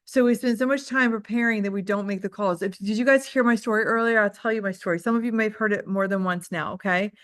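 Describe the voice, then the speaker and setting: A woman's voice: medium pitch, steady tone, fast, few pauses, dry recording, clean studio sound. A woman real estate trainer giving a casual group coaching talk, telling candid, self-deprecating stories with lots of "like" fillers. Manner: chatty storytelling, heavy use of "like".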